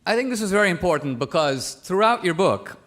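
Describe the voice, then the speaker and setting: A man from India debating on stage, his voice sitting a little high. He argues in a pressing, methodical way, stacking question on question. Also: expressive, a little fast, a bit bright. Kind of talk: public debate.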